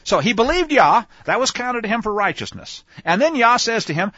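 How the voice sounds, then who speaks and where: A man teaching scripture in a conversational way, animated and speaking straight to his listeners. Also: high-pitched, brisk, hardly any pauses, dry recording. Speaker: Bible teacher. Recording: dull lo-fi, dry sound.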